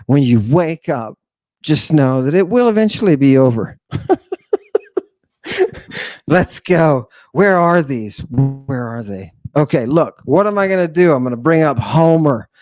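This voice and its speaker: A man's voice: a little high, expressive, moderate pace, darkish tone, dry recording. A man giving a casual, irreverent lecture, joking and cutting himself off mid-thought. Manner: irreverent, joking, talks over himself and restarts.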